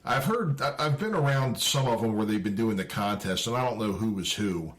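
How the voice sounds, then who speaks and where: An easygoing podcast host speaks with a Baltimore accent in a voice somewhat low for a man. He stammers a little as he starts his thoughts. He fills the conversation with plenty of agreeing murmurs. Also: lively intonation, brisk, fairly bright tone. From Baltimore, Maryland. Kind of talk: casual conversation.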